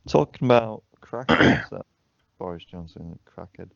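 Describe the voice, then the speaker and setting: A man's voice: low-pitched, expressive, measured pace, vocal fry, no room sound. A man co-hosting a casual podcast over a video call, swearing and laughing often as he chats. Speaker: podcast co-host. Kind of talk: casual chat. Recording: dull lo-fi call audio.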